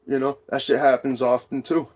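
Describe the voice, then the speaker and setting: A man ranting profanely on a casual livestream as its host, high-strung and talking straight to his chat. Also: little pitch movement, brisk, darkish tone.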